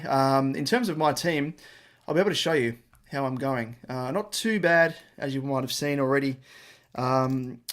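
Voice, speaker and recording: A young man hosts a casual live stream and chats informally to his viewers. His voice sits at a middling pitch, and he rambles along easily while clicking through screens on his computer. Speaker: fantasy football stream host.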